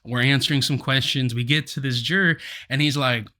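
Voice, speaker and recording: A man's voice: medium pitch, a little fast. A man co-hosting a podcast, telling a story in casual chat with frequent laughter. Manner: animated, laughs often mid-story. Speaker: podcast co-host.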